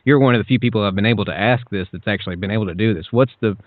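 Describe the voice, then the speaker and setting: A man's voice: fairly low pitch, very fast, no room sound. A man hosting a phone interview, eager and fan-like toward his guest. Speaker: interviewer, host. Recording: tinny phone line.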